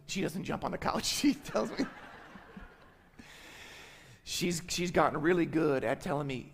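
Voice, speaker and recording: Emphatic high-voiced male pastor preaching. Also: unhurried, vocal fry, pauses often, long reverb tail. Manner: emphatic, repeats key phrases, tags lines with "right?". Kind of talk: sermon. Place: church sanctuary.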